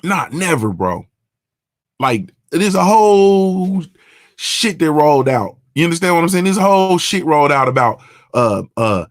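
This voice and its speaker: A man's voice: on the high side, lively intonation, a little fast, a bit bright, no room sound, studio quality. A man, hosting a morning show and talking bluntly and profanely in a casual monologue. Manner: blunt, profane, repeats "you understand what I'm saying".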